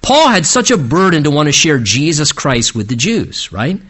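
A man's voice: a little high, very animated, moderate pace, a bit bright. A man preaching an expository sermon, retelling the story dramatically and asking the listeners rhetorical questions.

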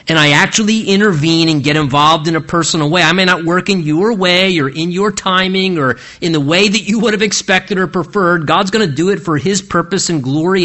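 Earnest higher-voiced male preacher. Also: bright, forceful tone. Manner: earnest, explains scripture verse by verse. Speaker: pastor. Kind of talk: expository sermon.

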